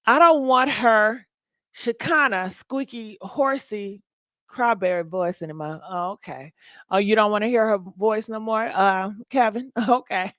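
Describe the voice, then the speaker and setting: A woman's voice: mid-range voice, a little slow, fairly bright tone, dry recording. A woman hosting a casual gossip livestream, chatting and thanking viewers for donations. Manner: chatty, reads donations and comments aloud.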